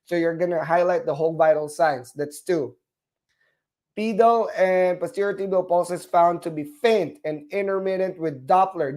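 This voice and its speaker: A man with a Filipino accent leads a live online nursing class in a fairly high voice. He repeats key points and keeps asking "all right?" to check the students are following. When he makes a mistake he apologizes and takes it back. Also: darkish tone. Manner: repetitive, checks in often with "all right?", apologetic about corrections. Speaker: nursing exam instructor. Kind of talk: live online class, walking through a case study.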